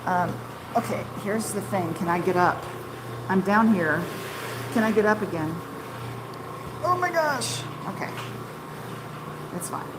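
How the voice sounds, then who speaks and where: A woman's voice: fairly low pitch, measured pace, pauses often. A woman who runs a small marshmallow business, telling stories in a casual, rambling, self-deprecating way while cutting candy in her kitchen. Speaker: small-batch marshmallow maker and shop owner. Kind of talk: casual chatty storytelling while working. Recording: steady ambient background noise.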